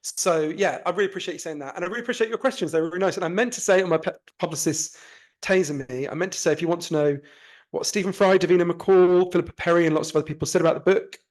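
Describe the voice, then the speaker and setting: Posh english guy on a podcast call, a bit high, chatty, swears a lot, kinda under the weather. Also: very fast. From North London, England. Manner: animated, swears casually, self-correcting restarts. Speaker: guest author. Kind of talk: casual podcast interview.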